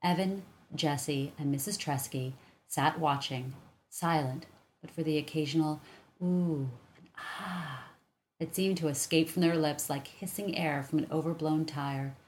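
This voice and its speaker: Low-voiced woman reading a story. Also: unhurried, a little hiss or hum. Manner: calm, even storytelling. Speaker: narrator. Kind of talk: reading a children's chapter book aloud.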